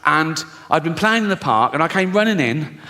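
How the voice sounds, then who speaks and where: A middle-aged man does stand-up in a big hall, his bright voice ringing out with a long reverb tail. He tells stories in a loose, conversational way, swears freely and slips into the voices of the people he quotes. His pitch sits a little higher than most men's. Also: expressive, normal speed. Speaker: stand-up comedian. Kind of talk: stand-up comedy routine. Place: large theatre with audience. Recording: live stage mic in reverberant hall. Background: audience laughter.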